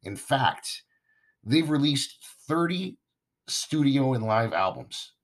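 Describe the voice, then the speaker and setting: A man hosting a podcast in a casual, chatty monologue, his voice hoarse and raspy as he recovers from losing it. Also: mid-range voice, sing-song, slow. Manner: chatty, enthusiastic, talks straight to listeners. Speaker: podcast host.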